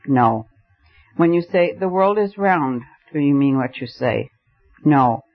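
A man's voice: a little high, expressive, takes it slowly, full character voice. A man reading the part of a passionate, argumentative young male poet, declaiming his points fervently. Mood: gentle. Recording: dull lo-fi recording.

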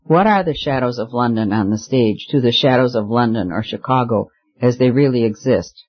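A gentle, soft-spoken young woman with a strong conscience, as a man reads her lines, quiet but persistent in how she speaks. Her pitch sits in an ordinary middle range. The recording has a slightly dull, muffled tone. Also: moderate pace, breathy edge, natural voice. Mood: earnest.

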